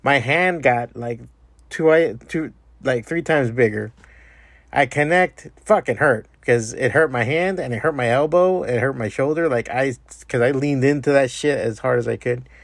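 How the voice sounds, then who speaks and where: Male podcast host, gravelly, mid pitch, rambling and profane. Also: normal speed, no echo. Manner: profane, rambling, animated storyteller. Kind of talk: casual monologue storytelling.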